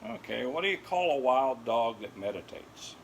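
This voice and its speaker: A man's voice: mid-range voice, animated, normal speed, gravelly, a little hiss or hum. Older man chuckling through corny dog puns. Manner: chuckles at his own puns and explains them. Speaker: amateur comedian telling jokes to his dogs. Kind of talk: corny joke routine.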